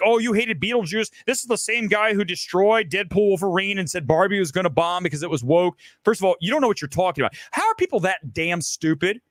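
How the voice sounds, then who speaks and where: A combative male film host rants on a live stream in a high, restless voice that leaps up and down in pitch. He sounds aggressive and sure of himself. The sound is close and dry with no room around it. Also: dry recording. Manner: loud, combative, opinionated ranting. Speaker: film talk show host. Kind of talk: ranting live-stream commentary.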